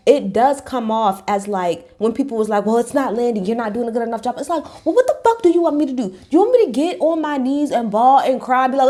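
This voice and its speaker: A woman vlogger in casual chat, candid and slangy, swearing freely and mimicking others as she recaps. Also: medium pitch. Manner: animated, mimics others mid-story.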